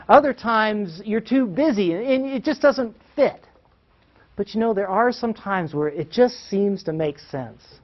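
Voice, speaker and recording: A man's voice: high-pitched, expressive, measured pace, muffled recording. A man presenting a parenting workshop, questioning the audience and acting out quotes with chuckles. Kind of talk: lively classroom-style teaching talk.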